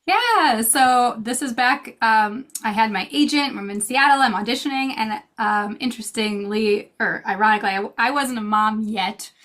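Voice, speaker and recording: A woman in her thirties, an actress telling stories in a casual interview, bubbly and quick to laugh while acting out quotes. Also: a little high, a bit bright. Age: 30s. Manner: bubbly storyteller, laughs often, acts out quotes. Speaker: actress and guest. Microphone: video call.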